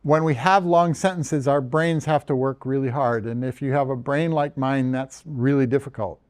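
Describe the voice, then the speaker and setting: A man's voice: mid-range voice, fairly even intonation, moderate pace, darkish tone. A man from the United States, a journal editor, giving a conversational lecture over slides with frequent ums and restarts. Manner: conversational, self-deprecating, many ums and restarts.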